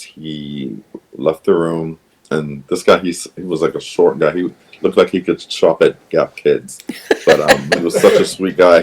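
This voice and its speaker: A man on a podcast telling a personal story in a hesitant, halting way, full of pauses and restarts. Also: rumbling low, darkish tone, low-quality recording. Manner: hesitant, many ums and restarts, emotional retelling. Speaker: podcast guest.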